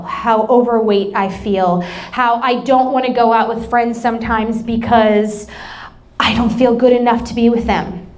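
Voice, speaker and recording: A woman in her thirties preaching a sermon, telling personal stories in a candid, emotional, self-deprecating way. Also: a little high. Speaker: pastor.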